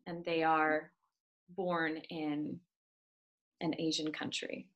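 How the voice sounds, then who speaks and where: A woman's voice: deep voice, level tone, slow, pauses often, a bit bright. Firm-spoken woman accent coach. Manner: firm, opinionated explanations. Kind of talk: podcast conversation.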